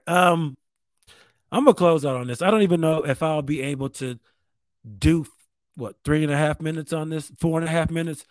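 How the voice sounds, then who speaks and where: A man's voice: on the high side, no room sound. A man from New York State hosting a show, talking in a rambling, profane, self-mocking casual monologue. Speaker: podcast host.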